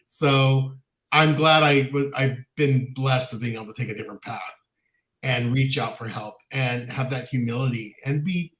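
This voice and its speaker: A man's voice: medium pitch, moderate pace. Candid man chatting in an echoey room. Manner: candid, animated, mocking voices in quotes. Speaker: podcast co-host. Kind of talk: casual chat.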